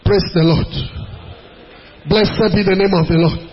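High-voiced Nigerian pastor preaching. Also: male voice, fairly even intonation, a little slow. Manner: emphatic, repetitive, rising to shouts. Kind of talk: preaching a sermon. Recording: dull lo-fi recording, faint hiss.

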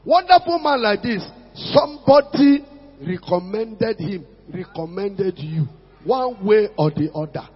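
A man preaching to his church in a strikingly high, breathy voice, pushing points home with call-outs to the congregation. The sound is dull and lo-fi, with a long hall reverb and faint music underneath. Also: expressive, a little slow. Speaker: pastor. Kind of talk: sermon. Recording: muffled lo-fi recording in a reverberant hall.

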